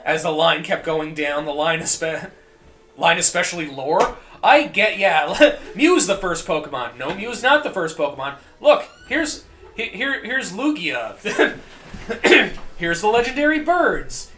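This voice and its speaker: A man streaming a video game, rambling and joking with profanity, often coughing and clearing his throat. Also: high-pitched, very animated, measured pace, sharp tone, roomy sound, a little hiss or hum. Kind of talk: casual gameplay commentary.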